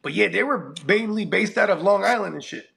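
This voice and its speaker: A man's voice: sits high, animated, a little fast, gravelly, bright, forceful tone, husky. A man in his forties co-hosting a casual chat, rambling and profane, laughing often, with a cold. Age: 40s. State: has a cold. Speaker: podcast co-host.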